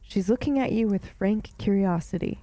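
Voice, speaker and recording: A woman's voice: medium pitch, normal speed, warm tone, slight background noise. A young woman streaming a story game, chatting casually with her viewers and reading the game's text aloud, laughing often. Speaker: let's play streamer.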